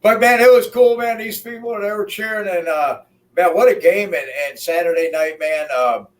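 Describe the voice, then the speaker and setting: A man co-hosting a sports podcast, telling stories in animated casual chat and often saying "man". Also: high voice, moderate pace, far from the mic. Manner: animated storyteller, peppers talk with "man". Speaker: podcast co-host.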